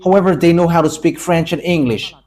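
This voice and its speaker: A man from Madagascar, preaching a sermon in emphatic, halting English with frequent pauses. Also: on the high side, darkish tone.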